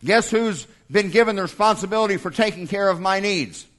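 A man's voice: high voice, fairly quick, a bit bright. An older man preaching a sermon as pastor, folksy and humorous, acting out little dialogues.

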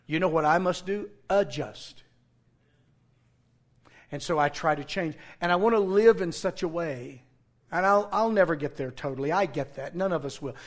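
A middle-aged male pastor preaching a sermon, quoting scripture and getting animated, nearly shouting when he retells his own confrontations. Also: on the high side. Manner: animated, rising to near-shouting in retold confrontations.

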